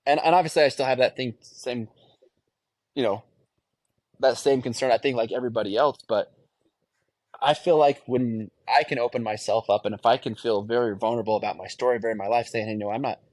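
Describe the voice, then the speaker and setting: A man's voice: mid-range voice, darkish tone, dry recording. A man in his thirties, a guest in an interview, talking earnestly and reflectively and often restarting his phrases. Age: 30s. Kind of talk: candid conversational interview.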